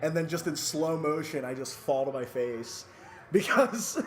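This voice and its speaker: A man's voice: fairly high pitch, animated, a little slow, a little hiss or hum. Chatty man telling a wrestling story. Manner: laughs often mid-story, lots of fillers. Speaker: podcast co-host. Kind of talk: casual storytelling.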